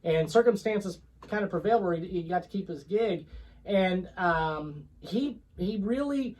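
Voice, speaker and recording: A man's voice: high-pitched, expressive, unhurried, darkish tone, poor audio. A man co-hosting a casual vlog chat, telling work stories with lots of ums and restarts. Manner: rambling, many fillers and restarts. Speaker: co-host.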